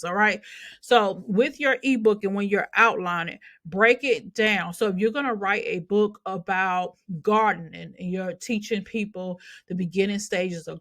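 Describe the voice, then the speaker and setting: Woman host, chatty how-to talk, mid pitch, dry close sound. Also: fairly bright tone, dry recording. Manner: chatty, repeats "okay?" to check in. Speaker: YouTube host. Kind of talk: casual tutorial talk.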